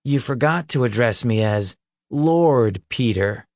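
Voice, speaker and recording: A man's voice: medium pitch, lively intonation, slow pace, darkish tone, dry recording, studio quality. A man voicing a cruel, cocky young male leader of a forest gang in an audiobook, taunting and commanding. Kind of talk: audiobook character voice.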